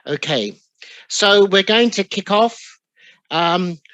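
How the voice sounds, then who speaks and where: A high, bright man's voice with a London accent, speaking over a video call. He addresses the ceremony in a formal, courteous way, with small apologies as he reads out names. The sound is dry and close. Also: lively intonation, slow, no room sound, dull audio. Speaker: ceremony chairman.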